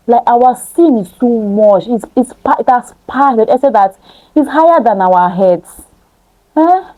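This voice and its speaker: Woman, Bible study teacher, fairly high voice, mellow tone, emphatic, exhorting. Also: poor audio. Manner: emphatic, exhorting, with rhetorical questions. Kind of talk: scripture reading with preaching commentary.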